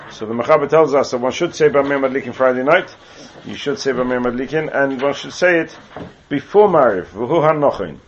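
A man from England, speaking a little fast at a medium pitch, reads Hebrew aloud and explains it in English with asides during a Talmudic lecture. The muffled lo-fi recording has a little hiss or hum.

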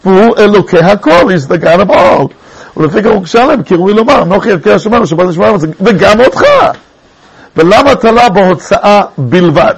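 A man's voice: high-pitched, lively intonation, very fast, vocal fry, husky, rough recording. A man teaching a class on a religious text, reading passages in Hebrew and explaining them in chatty English. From England. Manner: mixes Hebrew and Yiddish terms into English, chatty. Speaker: Torah teacher.

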